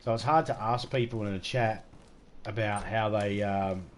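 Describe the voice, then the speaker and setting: A man's voice: on the low side, fairly even intonation, moderate pace, a little hiss or hum. A middle-aged man chatting casually during a game stream, joking around, swearing freely and rambling through anecdotes. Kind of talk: casual live-stream chat.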